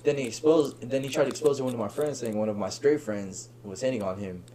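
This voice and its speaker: A young man telling stories in casual podcast chat, animated and quick to laugh, acting out his friends' voices as he goes. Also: medium pitch. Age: young adult. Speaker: podcast guest.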